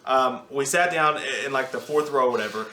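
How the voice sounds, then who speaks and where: A man in his thirties reviewing a film with a bright, forceful voice. He rants with profane, exasperated energy, and the sound is echoey, as in a bare room. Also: mid-range voice, a little fast, a little hiss or hum. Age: 30s. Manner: exasperated, profane, animated storytelling. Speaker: movie reviewer, co-host. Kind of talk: casual review rant.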